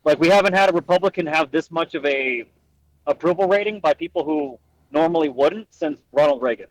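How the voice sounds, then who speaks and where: A young man with a fairly high voice talks politics on a casual podcast. He hedges and restarts his sentences a lot, earnest in tone. The recording is close and dry, with no room sound. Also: brisk, no room sound, poor audio. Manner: earnest, hedging with many restarts. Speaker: podcast co-host.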